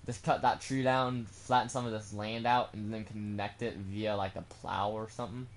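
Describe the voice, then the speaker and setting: A man's voice: fairly low pitch, steady tone, moderate pace, slight background noise. Goofy swearing young gamer man. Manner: goofy, swears, bursts into silly sung bits. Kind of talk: casual let's-play commentary.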